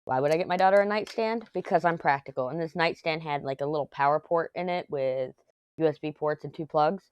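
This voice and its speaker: A woman's voice: low-pitched, brisk, smooth, no echo. A middle-aged woman, chatting and telling rambling family stories while she works on a craft at home. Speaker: craft vlogger. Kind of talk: casual chat while crafting.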